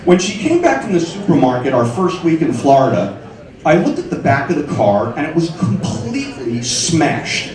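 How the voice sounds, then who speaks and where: A man in his forties doing a stand-up set in a comedy club, wry and punchy, with sudden high squeals on his punchlines. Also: big pitch swings, moderate pace, a crowd in the background. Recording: echoey club sound from far off.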